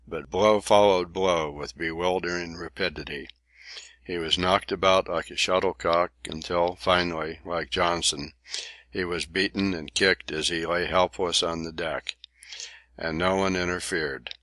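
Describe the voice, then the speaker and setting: A male audiobook narrator reads a classic sea novel in a measured, literary way. His voice sits very low yet comes across bright and forceful, and the recording is dry and close. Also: fairly even intonation, no room sound. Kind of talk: scripted narration.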